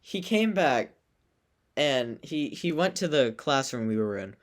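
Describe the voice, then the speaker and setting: A man's voice: mid-range voice, unhurried. Laughing teenage boy telling a story. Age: teens. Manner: animated, laughing, acts out quoted voices. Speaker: podcast co-host. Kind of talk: casual storytelling chat.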